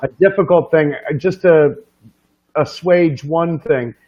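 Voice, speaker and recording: A man with a fairly high voice chimes in agreeably during a casual chat. His sound is dull and muffled, as if heard over a lo-fi line. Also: slow.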